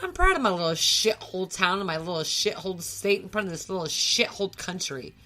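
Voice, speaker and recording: A woman's voice: on the low side, expressive, a little fast, pushed and bright. A woman from the United States co-hosting a podcast, talking in a heated, profane, emphatic way. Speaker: podcast co-host. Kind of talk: angry rant on a podcast.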